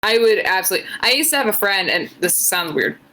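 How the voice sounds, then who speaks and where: A woman's voice: medium pitch, animated, quick pace, pushed and bright. A tipsy woman co-hosting a podcast, chatting casually and rambling with lots of "like". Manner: rambling, uses "like" a lot. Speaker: podcast co-host. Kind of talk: casual chat.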